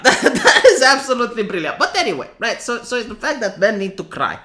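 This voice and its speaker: A man's voice: very high voice, expressive, fairly quick, hardly any pauses, sharp tone. A man with a Romanian accent giving opinionated, sarcastic livestream commentary, often restarting his sentences. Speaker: streamer.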